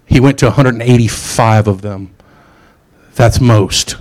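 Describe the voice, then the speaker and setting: A man's voice: medium pitch, unhurried, a little mellow. A middle-aged man preaching a sermon in a casual, conversational way, with asides and jokes.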